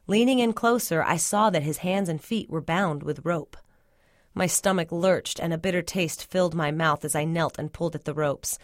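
Woman narrator, lowish voice, dry close sound, measured suspenseful reading. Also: dry recording. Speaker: story reader. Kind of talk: first-person story narration.

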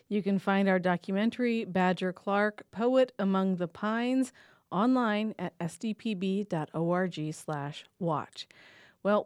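A woman's voice: medium pitch, clean tone, dry recording, clean studio sound. A woman hosting a public radio interview, asking attentive questions. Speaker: radio host.

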